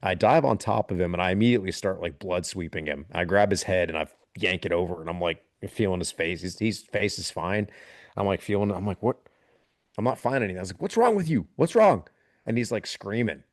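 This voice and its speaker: Deep-voiced man telling a war story. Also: quick pace, no room sound, studio quality. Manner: animated, laughs through his story. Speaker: military veteran guest. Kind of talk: casual storytelling on a podcast.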